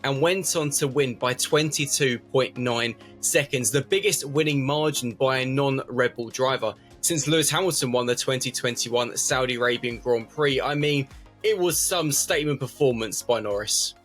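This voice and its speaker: A male host presenting motorsport news in a brisk, informative way, with a voice of ordinary middle pitch. Faint music plays quietly behind him. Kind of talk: news-style presenting and casual chat.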